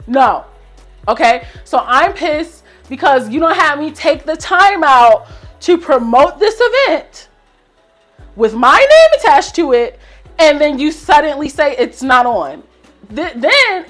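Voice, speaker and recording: A young woman vents a storytime grievance to her followers, her voice sitting a little high. She talks in animated bursts and swears freely. Quiet music plays faintly behind her. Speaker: vlogger. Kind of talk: storytime rant.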